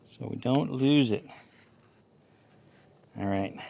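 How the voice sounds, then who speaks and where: A man's voice: mid-range voice, slow pace, vocal fry, a little mellow, slight background noise. A man hosting his own home-repair video, explaining each step plainly and thinking aloud as he works. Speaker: DIY channel host. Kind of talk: casual how-to narration.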